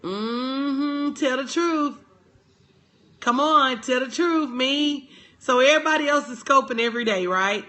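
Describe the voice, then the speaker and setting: Woman consultant hosting a motivational livestream from a phone, high and bright, big on call-and-response. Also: measured pace. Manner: call-and-response, greets viewers by name. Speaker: business consultant.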